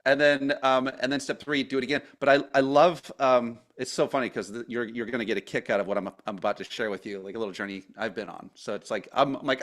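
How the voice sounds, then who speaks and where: A man hosts a casual interview and talks with enthusiasm, agreeing readily with his guest. His voice sits at an ordinary mid pitch. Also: steady tone, fast, few pauses, fairly bright tone. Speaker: host.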